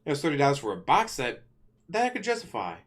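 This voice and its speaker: A man vlogging in a casual, complaining rant, animated and swearing freely. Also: a little high, fast. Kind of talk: casual ranting commentary.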